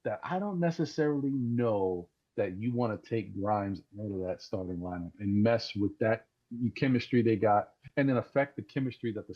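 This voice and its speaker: An eager man calling in to a live fan show over a voice chat. His voice sits fairly low and comes through dull and lo-fi. He rambles excitedly, stumbling and repeating words as he goes. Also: slightly rough. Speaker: caller. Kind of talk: casual call-in sports talk. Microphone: Discord voice call. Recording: dull lo-fi call audio.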